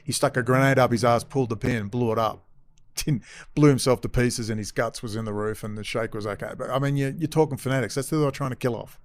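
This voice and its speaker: A man's voice: mid-range voice, quick pace. A man hosting a profane, heated commentary show, sarcastic and openly frustrated as he rants. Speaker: host.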